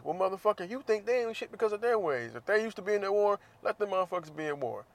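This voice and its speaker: A man's voice: sits high, big pitch swings, fast, few pauses. A man from the United States in a casual talk, swearing freely and laughing often as he speaks with passion. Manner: profane, impassioned, laughs often.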